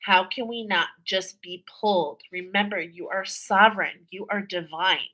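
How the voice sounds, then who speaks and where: A woman's voice: medium pitch, fairly even intonation, moderate pace, sharp tone, low-quality recording. A woman giving a casual spiritual tarot reading to her viewers, chatty and repetitive, often checking in with "okay?". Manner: chatty, repeats herself, frequent "okay?" and laughs. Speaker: tarot card reader.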